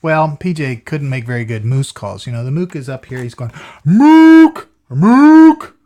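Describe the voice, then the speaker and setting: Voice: mid-range voice, a little fast, a little mellow, lo-fi sound. A storyteller reading a picture book aloud to a child, often stopping for chatty asides and questions to the listener.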